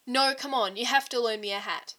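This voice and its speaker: A woman voicing an excitable young man who teases and wheedles his friends. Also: fairly high pitch, a little fast. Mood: playful. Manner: eager, teasing, wheedling.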